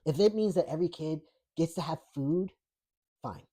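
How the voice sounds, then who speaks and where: A man with a slightly high, mellow, husky voice hosts a podcast at a moderate pace. Laughing as he reads the live chat, he goes on a rambling, profane political rant with plenty of fillers and restarts.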